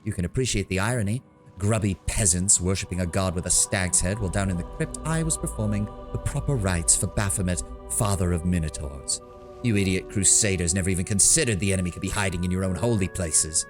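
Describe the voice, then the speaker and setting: A man's voice: sits low, brisk, music in the background, close to an everyday voice. A man voicing a cruel, gloating female demon cultist, reading game dialogue aloud in a mocking, theatrical way. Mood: taunting.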